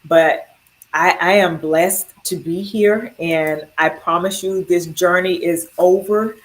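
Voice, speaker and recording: A woman's voice: fairly low pitch, steady tone, slow pace, poor audio. A woman sharing her cancer survival story, rambling through heartfelt thanks to family and friends. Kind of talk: personal video testimony.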